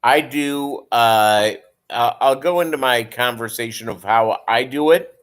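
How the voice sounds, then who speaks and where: A man hosts a casual live stream, drawling at an unhurried pace as he rambles loosely from one thought to the next. His pitch is an ordinary middle range for a man, and he talks to his viewers like a familiar crowd. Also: a bit bright, smooth. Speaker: fish breeder hosting a live stream.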